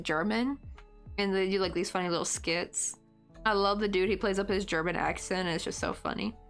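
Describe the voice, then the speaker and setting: A woman's voice: mid-range voice, fairly bright tone. A woman in her late twenties chatting casually on a crochet live stream. She rambles and thinks aloud, full of fillers and little chuckles, at home. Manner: chuckles often. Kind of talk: casual chat.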